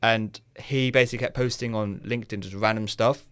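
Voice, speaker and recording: A man's voice: on the low side, steady tone, fairly quick, fairly bright tone, clear, resonant tone. A young man hosting a podcast, chatting in a friendly, easygoing way. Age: young adult. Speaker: podcast host. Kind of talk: casual podcast chat.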